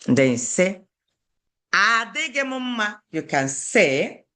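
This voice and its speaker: An Igbo speaker teaches a beginner language lesson, taking it slowly and going over each phrase again and again. The voice is bright and clear. The pitch rises and falls in a lively, sing-song way. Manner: patient, repeats phrases slowly for learners.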